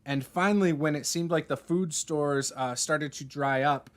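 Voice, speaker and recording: A man's voice: on the high side, moderate pace, hardly any pauses. A man running a tabletop game over a video call, narrating loosely with many fillers. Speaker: game master.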